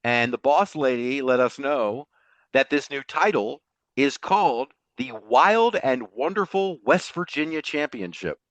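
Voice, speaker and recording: A man co-hosting a casual podcast tells a story in an animated way and laughs often. His voice sits at a middle pitch. The recording is dry and close. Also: measured pace, no echo. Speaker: podcast co-host.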